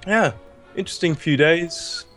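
A man chatting on a podcast in a deadpan, sheepish way. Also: fairly high pitch, unhurried, soft background music. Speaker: podcast co-host. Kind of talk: casual podcast chat.

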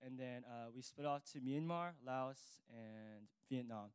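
A man's voice: medium pitch, measured pace, smooth, no room sound. A jet-lagged young man telling his church about a mission trip, casual, rambling and emotional. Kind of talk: spoken testimony.

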